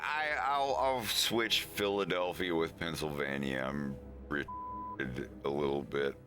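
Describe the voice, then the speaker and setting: A man's voice: very deep voice, unhurried, music in the background. A man chatting casually on his livestream, rambling and laughing often at himself. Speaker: animation streamer.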